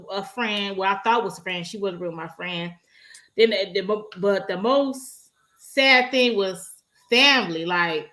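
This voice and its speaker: Female co-host, bright mid-pitched voice, candid and emphatic. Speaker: podcast co-host. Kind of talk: casual chat.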